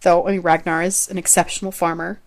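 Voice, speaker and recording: A young woman with a fairly low voice co-hosts a casual podcast chat. She talks in a loose, rambling way, laughs easily and often trails off mid-sentence. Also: level tone, quick pace. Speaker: podcast co-host.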